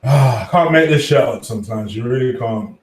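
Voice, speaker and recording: A man's voice: medium pitch, moderate pace, distant mic. Man, casual live stream host, swearing, chatty, echoey room, a bit off-mic. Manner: swearing, chatty, shouting out viewers. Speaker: fan channel host reading live chat.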